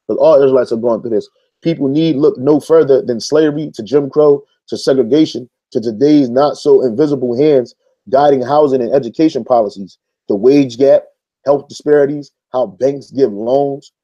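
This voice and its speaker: A man with a dark, mid-range voice preaches informally as a religious commentator, reading an article aloud and arguing back at it. He pauses to reread passages and talks in a street-casual way, full of "man."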